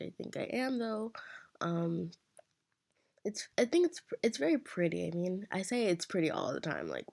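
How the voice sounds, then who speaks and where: A teenage girl hosting a casual build commentary, her voice hoarse from just waking up, rambling along in a chatty, self-deprecating way. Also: medium pitch, darkish tone. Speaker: Sims builder channel host.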